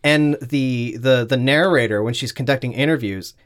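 A podcast co-host with a medium-pitched, slightly bright voice talks at a moderate pace in casual chat. He rambles, full of fillers and restarts, swearing casually.

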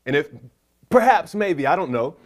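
A pastor delivering an excited sermon in a fairly high male voice. He reads scripture with lively emphasis and breaks into exuberant whoops and chuckles along the way. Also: moderate pace.

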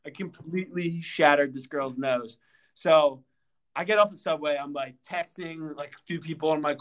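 Young male podcast co-host, higher voice, animated casual storyteller. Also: moderate pace. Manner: animated, lots of fillers and stutters.

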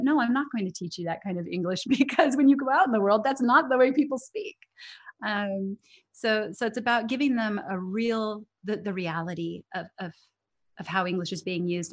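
Woman english coach chatting in an interview, earnest and emphatic, laughs a lot. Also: medium pitch. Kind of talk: conversational interview.

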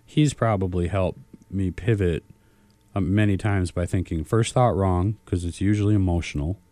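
Male radio co-host, low and mellow, animated and joking, dry booth. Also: moderate pace, no echo. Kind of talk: casual radio chat.

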